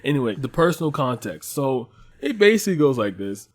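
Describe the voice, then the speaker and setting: A man's voice: medium pitch, fairly quick. A young man reviewing an anime series in casual commentary, swearing freely, rambling and laughing as he tells stories. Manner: profane, animated and rambling with frequent laughs. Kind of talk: casual commentary and personal storytelling.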